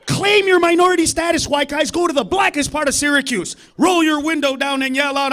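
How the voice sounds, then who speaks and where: Stand-up comic, man, very high voice; rowdy, foul-mouthed, veers from shouted bits to muttered asides on a club stage. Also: steady tone, brisk, few pauses. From United States. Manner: loud, profane, swings between shouting and muttering asides. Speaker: stand-up comedian. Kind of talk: stand-up comedy set.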